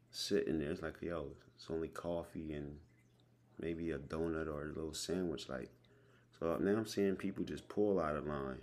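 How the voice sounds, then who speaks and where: A man's voice: deep voice, darkish tone. A man hosting a podcast, talking in a loose, slangy way and telling stories with repeated words. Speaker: podcast host. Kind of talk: casual conversation.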